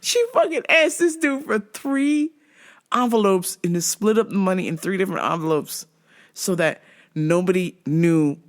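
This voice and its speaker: A woman hosting a podcast who tells stories in a profane, animated way, laughing often and acting out other people's lines. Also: lowish voice. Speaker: podcast host. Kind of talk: comedic storytelling.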